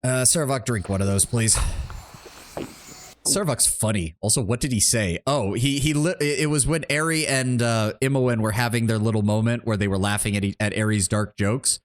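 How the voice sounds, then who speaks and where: A man's voice: mid-range voice, moderate pace. Laughing, casual man streaming a game. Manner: casual, laughing, swears freely. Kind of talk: live game commentary.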